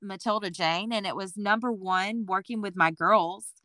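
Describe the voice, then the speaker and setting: A woman in her forties tells her story as an interview guest, lively and acting out the voices of others. Her voice is smooth and resonant, with a bright, forceful edge, recorded dry and close. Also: medium pitch, normal speed, no room sound. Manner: lively storyteller who acts out what people said. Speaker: boutique owner, interview guest. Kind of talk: conversational storytelling.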